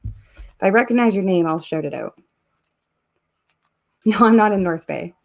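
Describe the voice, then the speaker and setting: A woman's voice: mid-range voice, animated, measured pace, gravelly. Chatty Canadian woman streaming live. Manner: chatty, reads viewer comments aloud while working. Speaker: host of a live giveaway stream. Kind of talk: casual live-stream chat.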